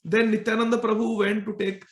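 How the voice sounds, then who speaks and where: A man giving a devotional scripture class, telling stories in an animated way and chanting verses. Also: high-pitched, fairly quick. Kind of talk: devotional scripture storytelling lecture. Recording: roomy echo.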